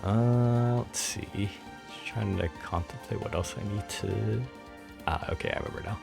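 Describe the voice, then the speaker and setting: A man's voice: fairly low pitch, unhurried, gravelly, over music. A young man telling a rambling, laughing story over his travel photos in a casual vlog, full of fillers and restarts. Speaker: travel vlogger.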